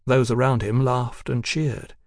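A man narrating an audiobook in a steady, even storytelling manner. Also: medium pitch, measured pace, no room sound, clean studio sound.

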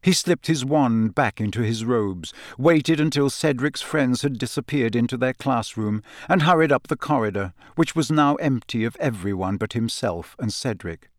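Reading scripted narration for an audiobook, this man has a mid-range voice and a steady, measured storytelling style. The recording is dry and the studio sound clean.

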